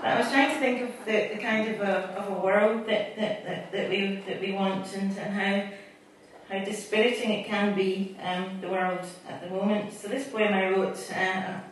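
A woman's voice: mid-range voice, steady tone, normal speed, slight background noise. A middle-aged Scottish woman poet, chatty and self-mocking between readings, speaking to a live audience. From Scotland. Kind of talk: poetry reading with chat between poems. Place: event hall with a live audience. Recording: echoey hall, distant mic, faint audience.

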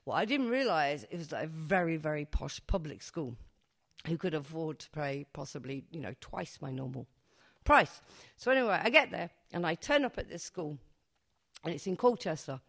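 A woman's voice: low voice, animated, normal speed, vocal fry, a bit bright. Woman telling a cheeky tale. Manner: chatty, self-mocking, swears freely, laughs at own jokes. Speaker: performance poet. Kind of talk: live comic storytelling. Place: stage before a live audience.

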